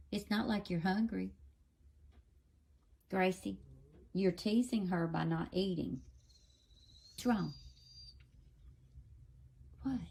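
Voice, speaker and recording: A woman's voice: fairly low pitch, creaky, warm tone. A woman talking to her dogs in a coaxing, scolding, sing-song way. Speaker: pet owner filming her dogs. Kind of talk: casual talk to dogs.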